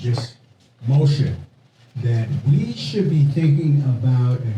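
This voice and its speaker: A man's voice: medium pitch, sing-song, slow pace, mellow. A man hosting a fundraising reception, addressing guests in a playful, emphatic way. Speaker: event host. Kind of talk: introductory remarks at a fundraising reception. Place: indoor reception room. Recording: echoey room from a distance, crowd and noise.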